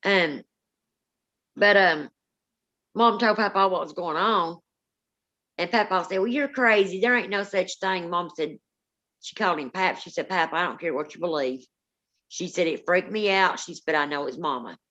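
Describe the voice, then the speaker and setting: A woman's voice: fairly low pitch, moderate pace, long pauses, pushed and bright, muffled recording. A woman, co-hosting a paranormal live stream, telling rambling family stories with many restarts. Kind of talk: casual live-stream storytelling.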